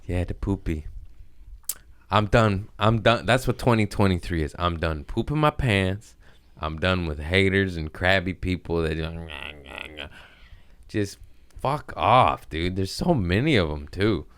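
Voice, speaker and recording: A man's voice: low voice, measured pace, a bit bright, dry recording. A man hosting a podcast, chatting casually with loose, profane, jokey storytelling. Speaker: podcast host. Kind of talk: casual chat.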